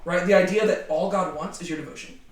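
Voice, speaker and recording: A man leading a casual Bible study, talking in an animated way with many fillers. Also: high voice, fast. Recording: echoey room, distant from mic.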